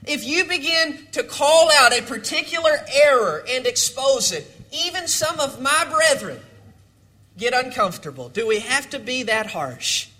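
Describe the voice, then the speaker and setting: Man, preacher, dramatic sermon delivery, unhurried pace, sharp tone. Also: lively intonation. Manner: dramatic, rising to shouts then dropping low.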